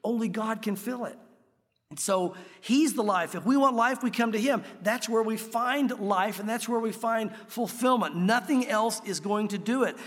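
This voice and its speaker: A middle-aged male pastor preaches in a casual, emphatic way and leans hard on key words. His voice sits high for a man. The sound rings with the long reverb of a large church hall. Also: normal speed. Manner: emphatic, conversational preaching with sudden loud peaks. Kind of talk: sermon. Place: church sanctuary.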